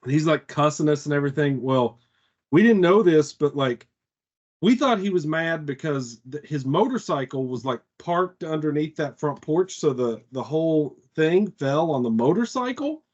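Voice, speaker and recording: A man's voice: fairly high pitch, animated, moderate pace, highs cut off. A man on a casual podcast telling a long story, rambling and profane, with lots of "like" fillers. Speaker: podcast co-host.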